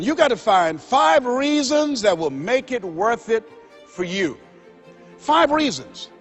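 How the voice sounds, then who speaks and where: An older man giving a motivational speech, emphatic and rhythmic, repeating his key lines like a preacher. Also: high voice. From United States. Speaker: motivational speaker.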